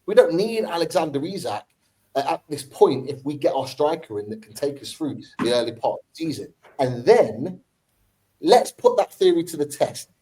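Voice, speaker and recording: A man's voice: on the high side, mellow, rough recording. A man hosting a football fan podcast, debating with passion and repeating his points for emphasis.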